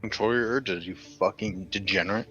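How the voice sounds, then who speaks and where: A man's voice: fairly low pitch, moderate pace, bright, forceful tone, slightly rough, highs cut off, faint music behind. A man chatting with friends before a tabletop game, joking and swearing a lot. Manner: crude banter, heavy swearing. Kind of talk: casual chat.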